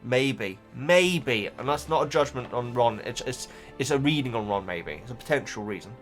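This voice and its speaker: A man's voice: medium pitch, lively intonation, normal speed, a bit bright, faint music behind. A man hosting a casual reading reaction, rambling aloud and stumbling over repeated words as he thinks. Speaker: YouTube reaction host reading a book.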